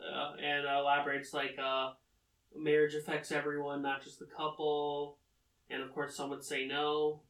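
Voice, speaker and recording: A man giving a casual plot recap, rambling and pausing on many fillers. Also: a little high, fairly bright tone. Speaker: anime recap host. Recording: roomy, distant from the mic.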